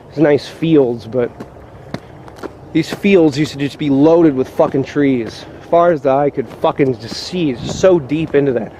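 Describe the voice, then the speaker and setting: A man with a somewhat high but mellow voice, swearing his way through an exasperated rant. He talks to a handheld camera as he walks a rural trail. Faint outdoor ambience sits behind him. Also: a little slow, slight background noise. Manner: profane, exasperated ranting. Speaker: vlogger. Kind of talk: walk-and-talk vlog rant.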